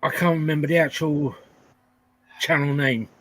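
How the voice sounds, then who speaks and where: A man's voice: fairly high pitch, steady tone, moderate pace, a bit bright, no room sound, poor audio. A British man in casual chat, blunt and outspoken.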